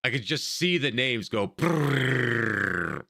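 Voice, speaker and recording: Male American streamer, blunt and rambling, low-set voice with sharp brightness. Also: moderate pace, no echo, clean studio sound. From United States. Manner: blunt, swears freely, rambling lists. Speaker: streamer reacting to a video. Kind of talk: casual livestream commentary.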